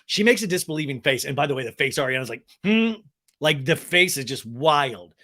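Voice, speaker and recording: A man in his thirties hosting a comedic TV recap podcast, sarcastic and animated. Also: medium pitch, brisk. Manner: animated, sarcastic, jumps in and out of voices. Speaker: podcast host.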